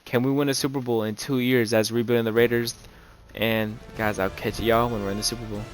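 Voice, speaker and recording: A young man calling his own football video game, nervous and excited, swearing and saying "man" and "bro" a lot. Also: mid-range voice, fairly quick. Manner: hyped, anxious play-by-play, swears, says "man" and "bro" a lot. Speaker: gaming YouTuber. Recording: game music playing loud underneath. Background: video game music.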